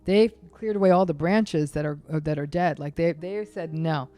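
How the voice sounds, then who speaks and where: Emphatic, lower-pitched woman expert. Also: moderate pace, mellow. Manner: emphatic, explanatory, quotes others with vivid asides. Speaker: guest expert on narcissism. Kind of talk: interview conversation.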